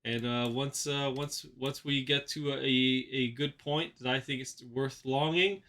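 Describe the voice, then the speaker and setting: Here the trading-channel host sounds unhurried, his medium-pitched voice fairly even in intonation yet pushed and bright. It's casual market commentary on charts, full of fillers, rambling tangents and repeated phrases.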